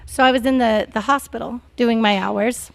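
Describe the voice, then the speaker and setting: A woman in her forties telling a story on a podcast in a casual, animated way, laughing often and acting out the voices of the people she quotes. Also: fairly high pitch, normal speed, gravelly. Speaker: podcast guest.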